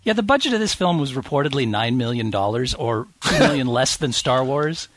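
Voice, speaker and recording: A man's voice: mid-range voice, expressive, a little fast, no room sound. A man on a podcast panel, joking and playful. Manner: jokey, playful pirate voice. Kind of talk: casual chat.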